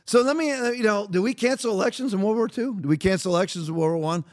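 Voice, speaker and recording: A man's voice: high voice, fast talker. A man hosting a podcast, giving blunt, emphatic political commentary in a rambling way with frequent restarts. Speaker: podcast host.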